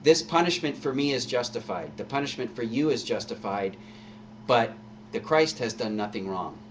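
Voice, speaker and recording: A man's voice: mid-range voice, animated, moderate pace, close to an everyday voice. A man voicing a remorseful male thief who rebukes another, heard from a distant mic with a faint hum. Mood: rebuking. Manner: rebuking, earnest.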